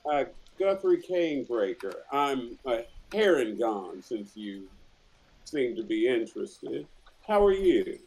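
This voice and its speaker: A man playing a slow, polite rabbit-folk hero. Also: mid-range voice, big pitch swings, darkish tone. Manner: courteous and hesitant, many pauses.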